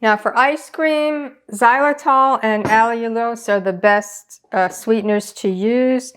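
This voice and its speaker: A woman's voice: fairly high pitch, slow, fairly bright tone, clear, resonant tone. A woman hosting a casual home cooking demonstration, chatting and explaining each step as she works. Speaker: cooking channel host.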